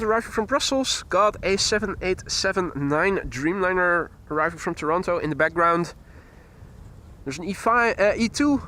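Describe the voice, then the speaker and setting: A man's voice: high-pitched, bright, forceful tone, a little hiss or hum. A man hosting a live plane-spotting stream, giving jokey, chatty commentary and often laughing. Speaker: plane-spotting livestream host. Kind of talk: live commentary and reading chat aloud. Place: outdoors at an airport spotting spot.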